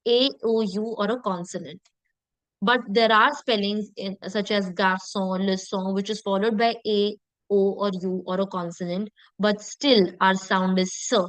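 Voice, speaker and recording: A woman teaching an online French lesson, explaining step by step and often checking in with her students. She slows down to model French words carefully. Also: medium pitch, fairly even intonation, dry recording, low-quality recording.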